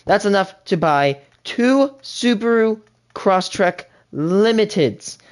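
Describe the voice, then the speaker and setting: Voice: medium pitch, animated, slow pace. A live streamer reacting to a TV show in rambling, indignant casual commentary, often restarting sentences.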